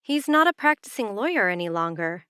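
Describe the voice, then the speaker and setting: A woman reading the part of a young woman who works a tour booth, with quick, slightly breathless replies. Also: medium pitch, big pitch swings, pushed and bright, clear, resonant tone, no echo, clean studio sound. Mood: teasing. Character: young Canadian woman working a tour booth, flustered yet teasing.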